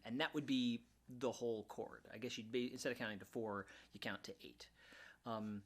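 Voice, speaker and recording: A man teaching ukulele in a relaxed, casual way, often restarting his words and counting beats aloud. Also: mid-range voice, normal speed, a loud crowd. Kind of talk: casual instructional talk. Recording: ukulele music under voice. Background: ukulele playing.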